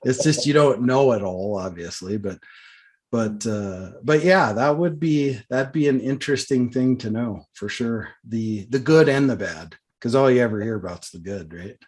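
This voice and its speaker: A man's voice: mid-range voice, normal speed, a little mellow. A man hosting a business podcast, casual and loose, laughing often. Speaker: podcast host.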